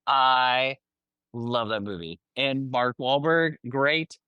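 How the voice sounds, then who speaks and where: A man's voice: medium pitch, slow, smooth, dry recording, highs cut off. A man co-hosting a casual podcast, talking with gushing enthusiasm. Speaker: podcast co-host. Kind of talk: casual chat.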